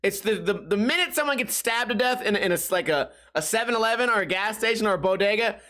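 Podcast host, male, higher voice, loose and rambly, jokes as he goes. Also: animated, fast, pushed and bright. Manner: rambling, joking, trails off with "like". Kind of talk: casual solo podcast rant.

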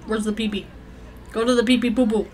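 A young woman giving casual, profane commentary while playing a life-sim game, yelling at the characters and rambling. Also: fairly high pitch, steady tone, fairly quick. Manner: rambling, self-interrupting.

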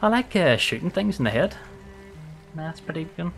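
A man's voice: on the high side, sing-song, normal speed, creaky, faint music behind. A young man giving casual gameplay commentary, chatting, laughing often and swearing at enemies. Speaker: gaming streamer.

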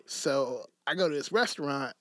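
A man on a podcast porch chat, telling lively stories and acting out the people in them, swearing freely. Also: on the high side, normal speed, no echo. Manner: animated storyteller, acts out voices, swears freely. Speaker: guest. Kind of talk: casual storytelling chat.

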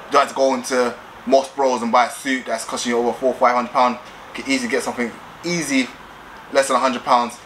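A man's voice: mid-range voice, a bit bright, a little hiss or hum, poor audio. A young man giving blunt dating advice in a casual vlog, repeating himself and using street slang. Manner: assertive, repetitive, streetwise slang.

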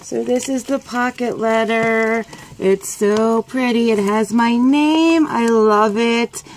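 A woman vlogger chatting excitedly and gushing as she opens friend mail. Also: fairly high pitch, slow pace, slight background noise. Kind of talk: casual unboxing chat.

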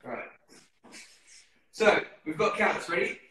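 A man's voice: high-pitched, lively intonation, measured pace, fairly bright tone. A man teaching a dance routine over a video call, counting beats and scatting the steps. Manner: counts steps aloud with sung syllables. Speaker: dance instructor. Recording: very echoey room.

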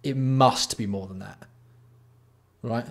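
A man's voice: medium pitch, slow, creaky. A man hosting a live stream, ranting and swearing in exasperation while reacting to products. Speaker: livestream host. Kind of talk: casual live-stream commentary.

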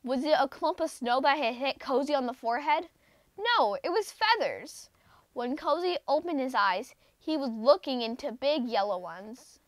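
A woman reading a children's picture book aloud in a gentle, expressive storytelling way. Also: high voice, moderate pace, no echo.

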